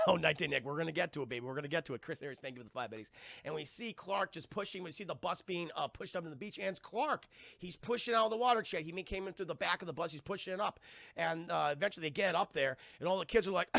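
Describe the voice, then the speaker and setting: A man reviewing a film on a live stream to his chat, animated and profane, acting out scenes as he retells them. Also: fairly high pitch, fast talker, creaky, no echo, clean studio sound.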